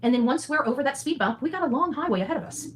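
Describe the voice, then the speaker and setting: Fast-talking defiant woman streamer, faint noise. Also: high-pitched, expressive, low-quality recording. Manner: defiant, reassuring, preachy, repeats "okay?". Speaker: citizen journalist livestreamer. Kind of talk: direct address to viewers.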